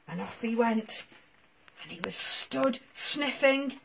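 A woman telling a story to toddlers in a playful, animated way, speaking to the children. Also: fairly high pitch, slow, vocal fry, a little hiss or hum. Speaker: children's storyteller and song leader.

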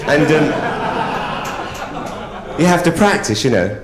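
Bawdy drag comic, lively up-and-down delivery, roomy theatre, crowd roaring. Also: male voice, fairly high pitch, takes it slowly. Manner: bawdy, teasing, chatty with the audience. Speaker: drag artist. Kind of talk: live stand-up comedy.

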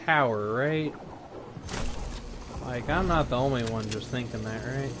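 A game streamer plays live, chatting and playfully taunting his opponents along the way. His medium-pitched voice is unhurried, and the noisy background is full of game gunfire and effects.

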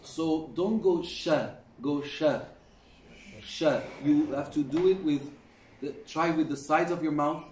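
A middle-aged man with a dark, mellow voice patiently drills students on pronunciation, repeating each sound as he coaches them. He is picked up from some distance in an echoey classroom, so the room rings around his words. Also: a little high, fairly even intonation, normal speed, hardly any pauses, a little hiss or hum. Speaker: Quran recitation teacher.

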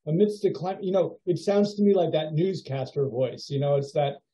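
A man teaching a writing workshop over a video call, giving feedback in a musing, halting way with many fillers. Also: on the high side, warm tone. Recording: dull lo-fi video call audio.

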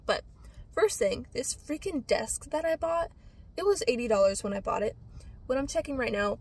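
Chatty young woman, breathy voice. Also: on the high side, animated, darkish tone. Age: young adult. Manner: rambling, chatty, lots of fillers, quickly exasperated. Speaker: vlogger. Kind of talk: casual product review chat.

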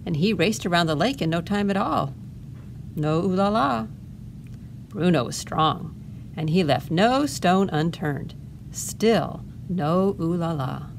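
A woman librarian reading a picture book aloud to children, pausing for gentle explaining asides. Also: on the low side, gravelly, a little hiss or hum. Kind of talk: storytime read-aloud.

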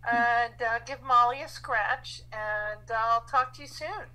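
Bright-voiced middle-aged mother chatting. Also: a little high, slow, poor audio. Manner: playful, laughing, acts out voices. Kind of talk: casual chat.

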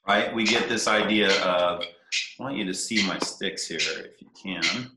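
A man's voice: low voice, measured pace, sharp tone. A man teaching percussion, counting rhythms aloud and explaining in an easygoing way. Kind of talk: casual instruction. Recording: echoey room.

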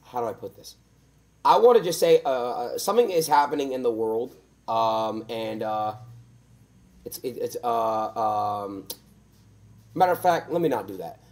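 A man's voice: mid-range voice, a little slow, pauses often, a little mellow. A young man interviewing a guest on his stream, eager and rambling, with many fillers.

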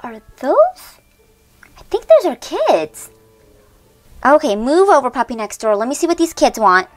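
Woman doing bossy teen babysitter sister for doll play, high and bouncy. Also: sing-song, unhurried, soft background music. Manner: exasperated, sing-song, scolding. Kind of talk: toy doll role-play.

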